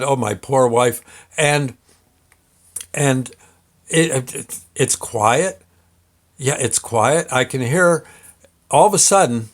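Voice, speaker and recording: A man hosting his own show, telling a personal story in a rambling, folksy way with many fillers and restarts. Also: on the high side. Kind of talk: casual storytelling.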